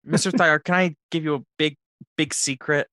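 Guy doing a shy little kid, halting and soft, dry close mic. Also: a little high, steady tone, no room sound. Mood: timid. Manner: hesitant, halting, soft-spoken. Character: timid young boy, eager and scattered. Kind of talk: improv comedy scene.

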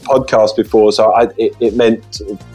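A man's voice: lowish voice, steady tone, moderate pace, mellow, faint music behind. A man telling casual stories as a podcast guest, rambling through many false starts, recorded on a phone.

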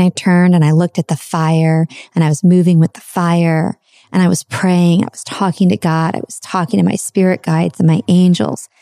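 A middle-aged woman speaking in a low, mellow voice with a gravelly edge. She tells a personal story earnestly, repeating phrases and dwelling on words. The sound is close and dry, with no room around it. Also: no room sound. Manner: earnest, repetitive, slows for emphasis.

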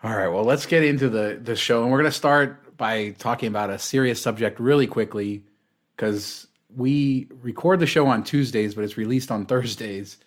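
A man, the podcast host, moving the talk into the episode in a steady, measured way. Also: medium pitch. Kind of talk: show intro.

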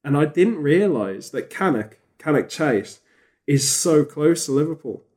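Man, fairly high voice, casual podcast host, rambling, restarts a lot. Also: a little slow. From England. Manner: rambling, animated, many restarts.

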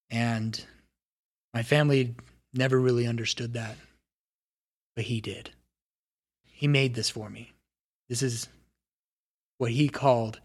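A man voicing a wistful male dwarf who once dreamed of being a bard, speaking slowly and quietly with sorrow. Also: mid-range voice.

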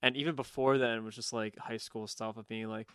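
A man's voice: fairly low pitch, fairly even intonation, a little fast, a bit bright, clear, resonant tone, dry recording, studio quality. A podcast guest chatting casually about his background, laughing easily. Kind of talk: casual chat.

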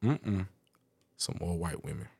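A man's voice: unhurried, creaky, breathy edge. A young man casually telling work stories on a podcast, loose and profane. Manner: laid-back storytelling, profane, lively pitch. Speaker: podcast co-host. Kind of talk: casual chat.

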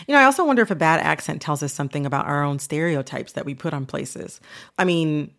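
A woman's voice: low voice, animated, quick pace, gravelly, a bit bright. A woman hosting a casual podcast conversation, talking in a chatty way with lots of "like" fillers. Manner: chatty, filler-heavy with frequent "like". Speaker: podcast host.

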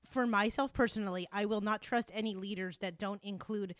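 A woman's voice: medium pitch, steady tone, a little fast, a bit bright, dry recording. Giggly woman chatting with lots of fillers. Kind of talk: casual podcast conversation.

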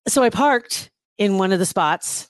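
A woman's voice: medium pitch, animated, a little slow, no echo, clean studio sound. A woman chatting casually and telling a story, wry and exasperated, laughing often between lines. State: recovering from knee surgery. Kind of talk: casual chat.

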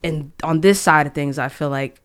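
A young woman with a low, smooth, clear voice tells a deeply personal story as a guest on a conversation podcast. She speaks earnestly and with feeling, trailing off, restarting phrases and searching for her words. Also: moderate pace. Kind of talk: conversational testimony.

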